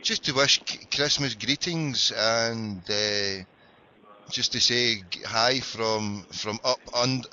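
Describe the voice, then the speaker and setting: A man's voice: mid-range voice, slow, sharp tone, highs cut off. Sweary Glaswegian man hosting a stream. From Scotland. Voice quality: sweary, jokey, rambling. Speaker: internet radio host. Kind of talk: casual live chat and phone-in.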